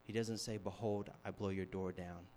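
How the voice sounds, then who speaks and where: A young man preaching a sermon, telling a story with animated shifts from hushed to loud. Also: deep voice, moderate pace, slight background noise. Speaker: campus ministry preacher.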